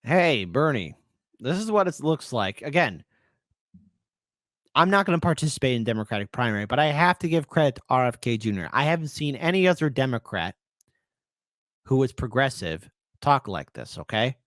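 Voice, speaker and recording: Animated sarcastic male political commentator. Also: mid-range voice, moderate pace, dry recording, clean studio sound. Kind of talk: livestream commentary.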